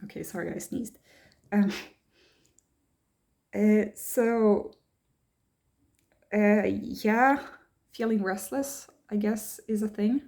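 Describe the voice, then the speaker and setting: A woman's voice: mid-range voice, fairly even intonation, slow, gravelly, long pauses, a little mellow. A young woman talking casually to camera, hesitant and thoughtful, reading checklist items aloud and then answering them herself. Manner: thoughtful, hesitant, many ums and restarts. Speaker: vlogger.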